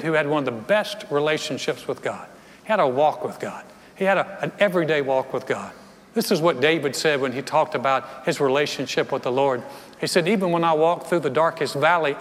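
Earnest preacher in a reverberant hall. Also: male voice, on the high side, a little hiss or hum. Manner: storytelling preacher, earnest and building. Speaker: pastor. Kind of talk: sermon. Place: church sanctuary. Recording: long hall reverb with soft music.

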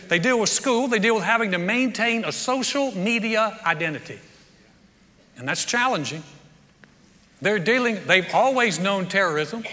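A man preaching a sermon, telling stories with humor and starting sentences over in energetic bursts. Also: high voice. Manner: energetic, stumbling restarts, humorous. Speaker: pastor. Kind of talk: sermon with storytelling. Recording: reverberant hall.

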